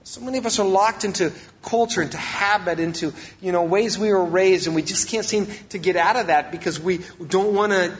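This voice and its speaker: A man's voice: sits high, brisk, hardly any pauses, dull audio. A male pastor preaching a sermon, emphatic and repeating his key phrases.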